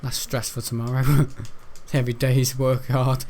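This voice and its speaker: A man's voice: mid-range voice, little pitch movement, a little slow, a little mellow, a little hiss or hum. A young man from Britain, rambling and giggling as he tells a school story while playing a game. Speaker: gaming video host. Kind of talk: casual gameplay commentary.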